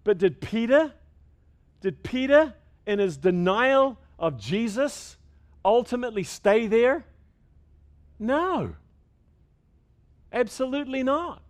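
A middle-aged man preaching a sermon, emphatic, with stammered restarts and quick asides. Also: very high-pitched, lively intonation.

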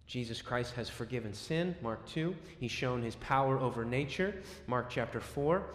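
A man preaching a sermon, telling the story dramatically with sudden swings between loud and soft. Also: mid-range voice, lively intonation, normal speed. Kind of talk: expository sermon. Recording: echoey hall with long reverb.

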